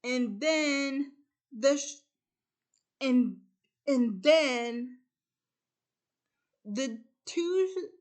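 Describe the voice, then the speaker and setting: A woman's voice: high-pitched, animated, very slow, long pauses, darkish tone. A woman hosting a chat show, casually retelling a film's plot by chaining events together with "and then.". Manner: strings events with repeated "and then". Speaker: host.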